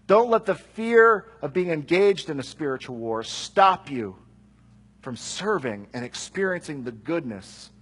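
A middle-aged man preaching a sermon, reading scripture and adding lively conversational asides. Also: on the high side, husky, rough recording. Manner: conversational, animated asides with quick jokes.

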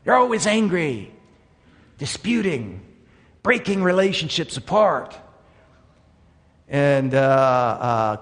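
Earnest preacher man in a reverberant hall. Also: mid-range voice. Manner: earnest, swings between quiet asides and emphatic raised lines. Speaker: pastor. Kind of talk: sermon.

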